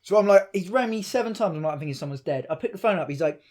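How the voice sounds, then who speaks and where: A young man with a fairly high voice tells a story on a casual podcast. He is animated, laughs while he talks and mimics the people he quotes. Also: very fast, hardly any pauses. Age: young adult. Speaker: podcast co-host.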